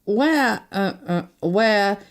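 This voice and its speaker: A woman's voice: medium pitch, animated, drawn-out words. A woman voicing a nervous, evasive male secretary in an audiobook, stammering and flustered. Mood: cornered.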